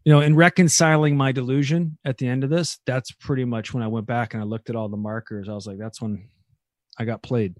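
A man's voice: medium pitch, steady tone, fairly quick, a little mellow, dry recording, studio quality. A man guest on a podcast, speaking in a reflective, hesitant way. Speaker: guest, former cult member. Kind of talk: podcast interview.

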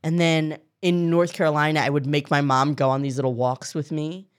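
A woman comedian as a podcast guest, telling a story in a lively way and acting out the people in it. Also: low-pitched, fairly quick. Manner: animated storytelling, acts out quoted people. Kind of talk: casual podcast conversation.

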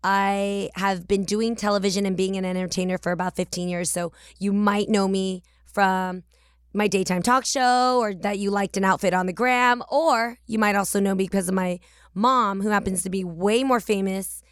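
A woman's voice: mid-range voice, steady tone, moderate pace, clear, resonant tone, no room sound, clean studio sound. A woman in her forties from the San Francisco Bay Area, hosting her podcast in a candid, chatty manner with casual slang. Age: 40s. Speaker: podcast host.

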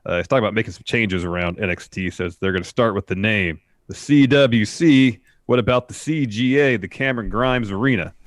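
A deep-voiced man retelling events in order, easygoing and plain. The sound is dry and close, with no echo. He moves through the story step by step, with the odd "uh". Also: quick pace, few pauses. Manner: steady play-by-play retelling with fillers. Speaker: podcast co-host. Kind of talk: casual recap narration.

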